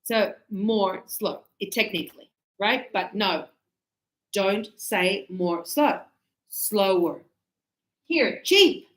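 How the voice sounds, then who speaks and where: A woman English teacher giving a classroom grammar lesson, talking slowly and deliberately and stretching out key words. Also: mid-range voice, animated. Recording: echoey classroom.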